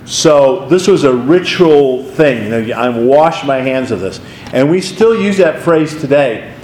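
Male pastor, conversational Bible teacher, animated storyteller, echoey room. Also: medium pitch, measured pace, a little hiss or hum.

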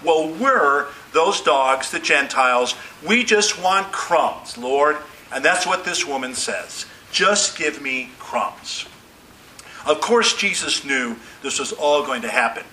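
A man's voice: a little high, pushed and bright, slight background noise, rough recording. A man preaching a sermon as pastor, earnest and emphatic, lifting his voice on quoted pleas.

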